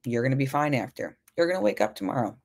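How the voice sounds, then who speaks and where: A woman's voice: extremely low pitch, expressive, fast, vocal fry, a little mellow, full character voice. A woman doing her blunt, easygoing realist voice. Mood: reassuring.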